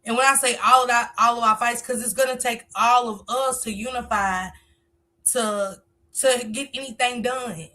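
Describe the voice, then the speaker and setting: A woman's voice: on the high side, steady tone, normal speed, bright, forceful tone. A woman hosting a casual live stream, talkative, reading viewer comments aloud and answering them.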